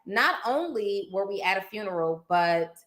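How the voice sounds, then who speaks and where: A woman co-hosts a podcast in a bright, clear voice. She tells her stories with animation and laughs often. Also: mid-range voice, lively intonation, moderate pace. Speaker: podcast co-host. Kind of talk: casual podcast chat.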